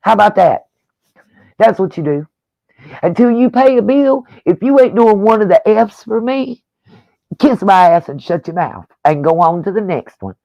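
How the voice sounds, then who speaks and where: A woman vents in a blunt, profane rant, firing off pointed rhetorical questions. Her voice is gravelly and fried, and it sits close and dry with no room sound. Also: medium pitch, animated, moderate pace, warm tone, no room sound, low-quality recording. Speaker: true-crime YouTuber. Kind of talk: angry on-camera rant.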